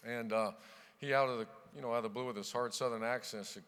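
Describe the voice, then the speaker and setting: A middle-aged man from Ohio giving a keynote speech, telling punchy anecdotes from the podium with loud bursts when he starts a new chapter. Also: mid-range voice, fairly even intonation, quick pace, slight background noise. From Ohio, USA. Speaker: keynote speaker, football coach. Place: large banquet hall. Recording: long reverb of a large hall.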